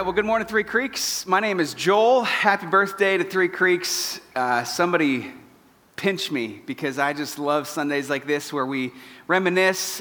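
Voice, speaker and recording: Male pastor, sermon, self-deprecating and emotional, slightly high voice, echoing church hall. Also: sharp tone. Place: church auditorium. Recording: long church hall reverb.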